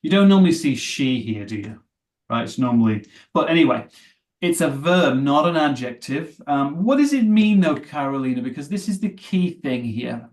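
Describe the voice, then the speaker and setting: A man's voice: medium pitch, very animated, normal speed, a little mellow. A man teaching an English vocabulary class, asking students questions and encouraging them. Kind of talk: live online class.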